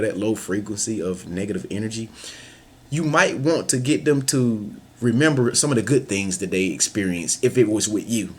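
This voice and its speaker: A man talking casually to camera with life advice, loose and slangy, often saying "you know what I'm saying" and acting out little scenes in other voices. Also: lowish voice. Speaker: vlogger giving advice. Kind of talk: casual motivational talk.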